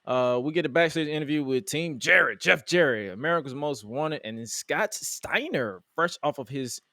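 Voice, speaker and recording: A man's voice: fairly high pitch, animated, moderate pace, pushed and bright, dry recording, clean studio sound. A man hosting a casual wrestling review podcast, talking animatedly and acting out exasperated quotes. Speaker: podcast host.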